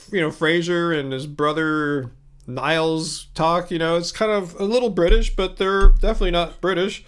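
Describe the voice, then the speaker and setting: A man's voice: fairly high pitch, a bit bright, smooth. An American man hosting a casual livestream, eating while he talks and rambling through viewer comments with many fillers and restarts. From United States. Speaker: livestream host.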